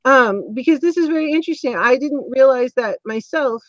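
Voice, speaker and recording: Woman host, somewhat high voice, meandering, lots of ums; muffled, dry lo-fi audio. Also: animated, a little fast, no room sound. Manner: rambling, many ums and restarts. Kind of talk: casual interview chat.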